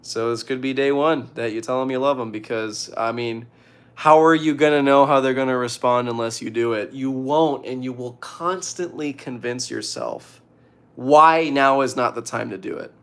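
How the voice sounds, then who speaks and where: A young man casually reading out viewer questions and giving joking, deadpan advice. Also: mid-range voice, normal speed, clear, resonant tone. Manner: reads questions aloud, jokey deadpan answers. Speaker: streamer answering viewer questions.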